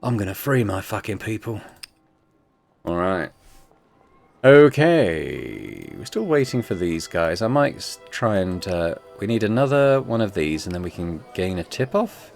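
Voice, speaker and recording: A man's voice: low-pitched, very animated, unhurried, vocal fry, darkish tone, faint music behind. A man playing a tabletop game solo and narrating it, groaning and swearing at his dice rolls.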